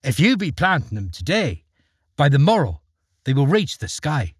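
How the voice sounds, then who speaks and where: A wheedling old storybook trickster who coaxes with quaint country phrasing, as a man acts him out. The voice is husky and swings widely in pitch, recorded close and dry. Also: big pitch swings, normal speed, no echo. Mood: coaxing. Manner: coaxing, old-fashioned country talk. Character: sly, wheedling old man peddling beans.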